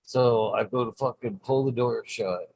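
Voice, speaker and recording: A man's voice: medium pitch, unhurried, gravelly, a little mellow, low-quality recording. A man hosting his own channel, telling a rambling, swear-heavy story in casual vlog style. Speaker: channel host.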